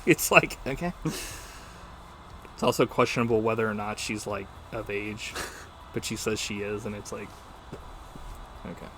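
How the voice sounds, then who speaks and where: A man's voice: on the low side, fairly even intonation, unhurried, long pauses, background noise. Profane young man animatedly retelling scenes. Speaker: podcast co-host. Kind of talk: casual movie chat.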